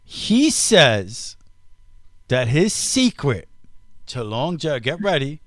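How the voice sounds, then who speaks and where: A man's voice: a little high, very animated, takes it slowly, no room sound. Teasing podcast host man, dry close mic. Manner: teasing, playful storyteller. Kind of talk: casual comedic chat.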